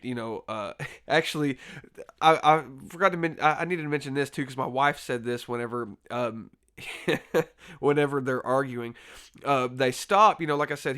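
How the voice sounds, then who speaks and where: A man's voice: mid-range voice, sharp tone, smooth. A man casually reviewing a horror film, rambling with lots of fillers and restarts and laughing easily. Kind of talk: casual spoken movie review.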